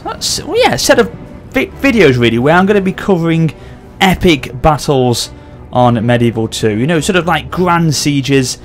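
A man hosting a gaming channel, excitedly commentating a battle over gameplay and often addressing his audience. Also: on the high side, moderate pace, few pauses, faint music behind.

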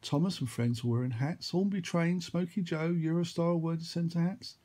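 A man telling a long, rambling made-up story, full of excited sound effects. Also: on the high side, normal speed. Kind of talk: improvised storytelling.

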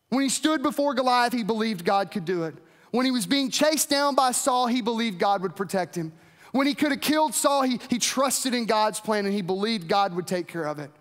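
Man, pastor, preaching, high voice, echoing hall reverb. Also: fairly bright tone. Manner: earnest preaching, rising and dropping for emphasis. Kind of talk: sermon.

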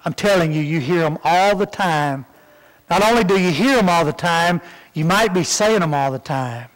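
A man's voice: on the high side, normal speed. A man preaching a sermon in a folksy way, often repeating words as he starts a sentence. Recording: church hall reverb.

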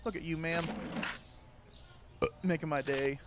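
Crude, sarcastic young man yelling at a game. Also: a little high, steady tone, a little slow, heavy background noise. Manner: crude, sarcastic, swears a lot, yells at customers; jumps between mutters and loud outbursts. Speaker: gaming video creator. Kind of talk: casual gameplay commentary.

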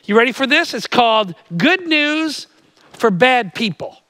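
A man preaching a sermon to a live church crowd, lively and stammering through restarts, then quiet and earnest when he prays. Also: extremely high pitch, unhurried, no echo, low-quality recording. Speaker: pastor. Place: church auditorium with live audience.

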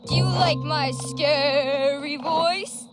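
A woman's voice: sits high, extremely slow. A woman voicing a cheerful, confident young girl in a cartoon who loves spooky things. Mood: gleeful. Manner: bubbly, delighted. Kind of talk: cartoon voice acting. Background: music.

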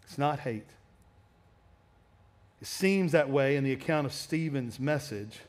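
A man preaching a sermon as pastor, blunt and confrontational, dropping to quieter asides. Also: mid-range voice, a little slow. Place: church sanctuary.

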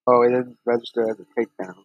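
A young man giving casual, profane, excitable commentary while playing a racing game. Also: medium pitch, very fast, dry recording, highs cut off. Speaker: gaming channel host.

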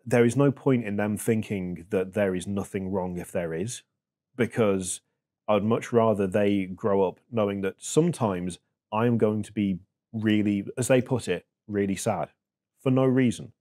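Reflective man, low voice. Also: dark tone. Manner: reflective, halting, many fillers. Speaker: podcast guest. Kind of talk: casual chat.

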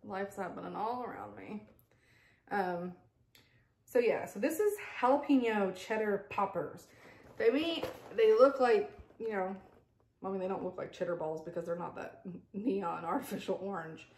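A woman's voice: medium pitch, expressive, normal speed, darkish tone, reverberant. A woman chatting casually at home as a vlogger, rambling with frequent asides and laughs. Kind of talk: casual unboxing chat. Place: home kitchen table with pets around.

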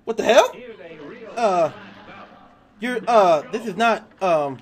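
A man commenting on a video game as he plays, excitable and swearing, laughing at his own fails. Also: high-pitched, takes it slowly. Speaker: gaming YouTuber. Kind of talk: let's play commentary.

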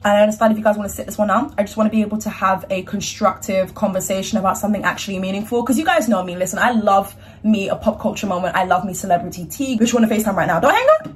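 A woman's voice: mid-range voice, steady tone, very fast, slight background noise. A young woman vlogging in a chatty, slangy, frank way. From United Kingdom. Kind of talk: casual chat.

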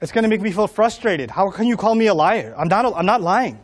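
A middle-aged man giving a humorous storytelling talk to an audience, animated and jokey, acting out quotes and voices. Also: high voice, a little fast, slightly rough. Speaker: Islamic speaker.

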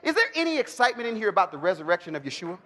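Man, Bible teacher, very high voice, animated, humorous, audience call-and-response, long hall reverb. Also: very fast, very noisy. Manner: animated, joking, calls for audience response, bursts into shouts. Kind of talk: lively teaching to a live audience.

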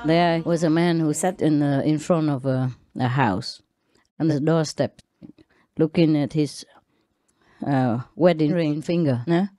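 A woman teacher speaks to a gathering of disciples in a slow, unhurried way. She laughs often and tells her stories playfully. The sound is close and dry. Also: low voice, mellow, no room sound. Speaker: spiritual teacher. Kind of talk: informal talk to disciples.

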